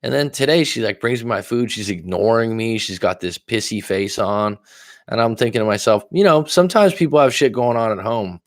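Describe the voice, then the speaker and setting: A man's voice: mid-range voice, a little fast, no echo, clean studio sound. A man as a dating coach, chatting on a livestream, answering viewer comments and telling candid stories in a blunt way with casual swearing. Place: lives in Thailand.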